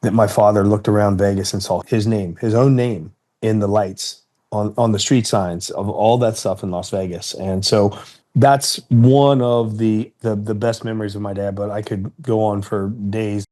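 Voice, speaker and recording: A man in his fifties from Ohio, telling a personal story in an interview in a measured, earnest way. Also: on the low side, fairly even intonation, dark tone. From Cincinnati, Ohio, United States. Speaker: interview guest, retired fighter.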